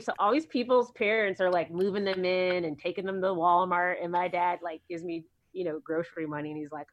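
Lady with a low voice rambling thru her story on a podcast, lots of um and like, dry sound. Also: fairly even intonation, moderate pace, no room sound. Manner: chatty, rambling, many ums and likes. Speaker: podcast guest, TV producer. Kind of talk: casual interview storytelling.

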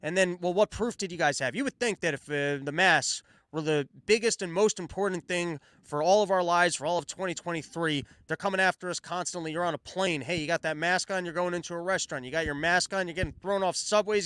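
A man's voice: sits high, fairly bright tone, clean tone, dry recording. A man hosting his own show, commenting on the news in a sarcastic, profane rant. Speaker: podcast host.

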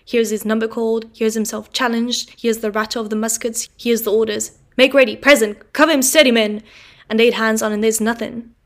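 A woman voicing a gruff, starving male convict who speaks loudly and urgently, with a gravelly voice. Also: fairly high pitch, monotone, brisk, hardly any pauses, close to an everyday voice. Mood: haunted. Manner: loud, rough and urgent.

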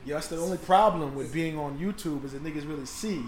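A man trading jokes on a laid-back podcast, teasing himself and the others. His voice sits slightly high and carries a roomy echo. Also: fast. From Africa. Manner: playful, self-mocking storyteller. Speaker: podcast co-host. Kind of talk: casual banter.

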